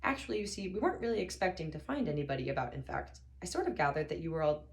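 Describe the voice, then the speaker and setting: A woman's voice: deep voice, sing-song, very fast. A woman voicing a bewildered, awkward young man who stammers, in an audiobook reading. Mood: flustered.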